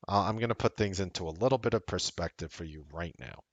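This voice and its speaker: A man's voice: low voice, quick pace, no room sound, dull audio. A man hosting a trading show, giving casual, rambling market commentary with blunt language. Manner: animated, rambling, blunt with profanity.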